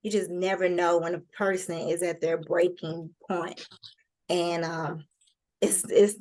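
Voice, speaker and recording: A woman hosting a relaxed interview chat. She talks in quick, animated bursts with plenty of colloquial turns of phrase. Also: fairly low pitch. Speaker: interview host.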